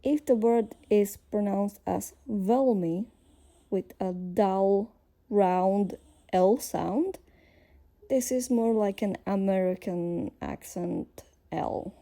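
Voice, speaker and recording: A woman's voice: mid-range voice, vocal fry, mellow. A woman from Slovakia, teaching her language and explaining each point patiently, step by step.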